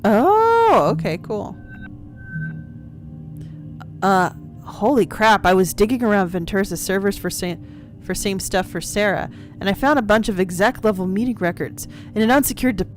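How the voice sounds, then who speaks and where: A woman's voice: medium pitch, expressive, moderate pace, soft background music. A woman co-hosting a podcast, chatting casually and going off on tangents while reading game text aloud. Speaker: podcast co-host.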